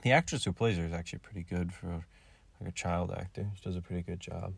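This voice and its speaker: Deep-voiced man rambling through a recap. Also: fairly even intonation, fast, vocal fry, husky, no echo. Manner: rambling, full of "like" fillers. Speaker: video reviewer. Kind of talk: casual spoken recap.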